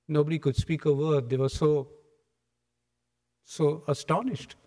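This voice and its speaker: Brief: male preacher, animated storyteller, fairly high voice, church with a long echo. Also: measured pace, pauses often. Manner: animated storytelling, acts out scenes. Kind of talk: sermon. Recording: echoey hall.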